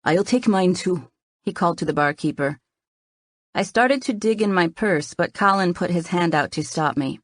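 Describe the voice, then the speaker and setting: A woman narrating a romance novel in the first person, her voice sitting low and earnest. The sound is close and completely dry, with no room around it. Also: moderate pace, no room sound. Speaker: audiobook narrator.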